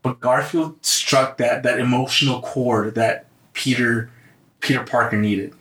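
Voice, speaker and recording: A man co-hosting a podcast, chatting casually and excitedly about superhero movies, often cutting in on his partner. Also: mid-range voice, a little slow. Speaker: podcast co-host. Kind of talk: casual chat. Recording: roomy echo.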